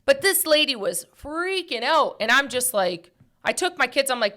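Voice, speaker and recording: Bright, emphatic woman chatting. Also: high-pitched, big pitch swings, moderate pace. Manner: emphatic, blunt, repeats phrases. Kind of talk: animated casual chat.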